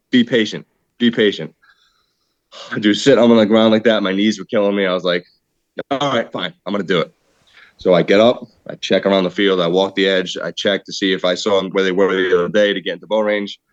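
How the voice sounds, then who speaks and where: A man excitedly telling a hunting story in casual podcast chat, saying "dude" a lot. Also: sits low, no echo, highs cut off. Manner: excited, animated retelling with repeated "dude". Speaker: podcast guest, hunter.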